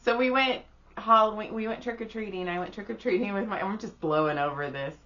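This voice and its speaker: A woman's voice: mid-range voice, brisk, fairly bright tone. A woman in her thirties, co-hosting a casual podcast, joking bluntly and swearing freely. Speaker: podcast co-host. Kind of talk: casual chat. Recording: dull lo-fi podcast audio.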